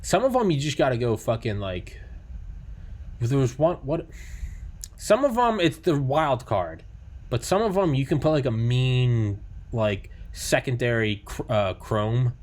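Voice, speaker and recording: A man's voice: medium pitch, big pitch swings, a little slow, darkish tone. A man chatting casually about video games, rambling with lots of fillers, restarts and swearing. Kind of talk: casual chat.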